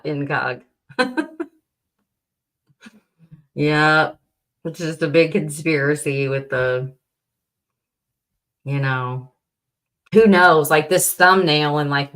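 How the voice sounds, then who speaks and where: A young adult woman chats on her livestream at a slow, drawn-out pace. Her voice sits slightly low, and she sounds fed up, circling through fillers and half-finished sentences as she answers her viewers. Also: a bit bright. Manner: exasperated, rambling, many "like"s and restarts. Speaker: livestream host. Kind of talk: casual livestream chat, reading chat.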